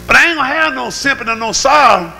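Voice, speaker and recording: A man pastor preaching a sermon, swinging between shouts and low growls. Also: animated, quick pace, creaky, big-room sound, soft background music, rough recording. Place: church sanctuary.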